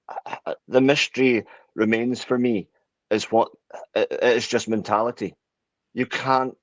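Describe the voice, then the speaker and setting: A man's voice: mid-range voice, dry recording, lo-fi sound. Man, frustrated, argumentative, dry recording. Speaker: podcast co-host. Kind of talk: casual chat.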